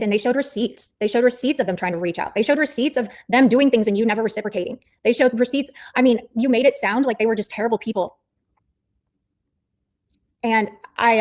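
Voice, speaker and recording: A woman's voice: fairly high pitch, brisk, darkish tone. A woman livestreamer ranting in a heated callout, blunt and profane, repeating herself as she scolds someone. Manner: angry, blunt, profane, repetitive.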